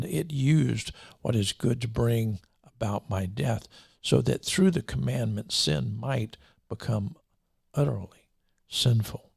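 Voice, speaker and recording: A man hosting a show, reading scripture aloud with commentary in a deliberate way, slowing down and repeating key lines. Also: mid-range voice, gravelly, slightly rough, no room sound, studio quality. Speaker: show host and preacher.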